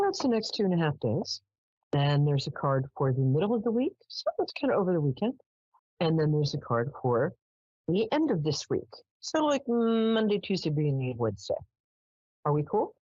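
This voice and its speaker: Husky low-voiced woman psychic host. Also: darkish tone, no room sound, lo-fi sound. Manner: chatty storyteller, affectionate with callers. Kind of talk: live call-in psychic show.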